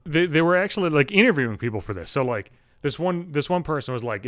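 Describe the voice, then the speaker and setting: A man's voice: fairly high pitch, animated, fast talker, fairly bright tone, dry recording, clean studio sound. A young man ranting crudely and with exasperation on his podcast, swearing constantly. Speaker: podcast host. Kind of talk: profane comedic rant.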